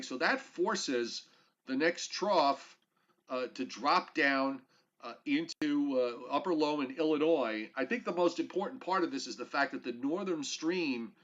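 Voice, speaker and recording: A man's voice: fairly high pitch, a bit bright, dull audio. A man hosting a weather show, talking through forecast maps in a casual, joking way with many fillers.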